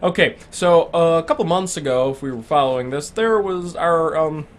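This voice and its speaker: A man's voice: on the high side, moderate pace. A young man from Western New York co-hosting a casual chat, riffing sarcastically on the news with plenty of ums and restarts. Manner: sarcastic, joking, fillers and restarts. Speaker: podcast co-host.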